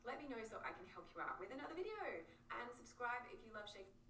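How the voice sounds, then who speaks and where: A woman explaining poetic rhythm in a video lesson, demonstrating patterns aloud in a lively way. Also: a little high, racing, slight background noise. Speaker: acting teacher in a video. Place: video played on a stream. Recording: roomy, distant, music behind.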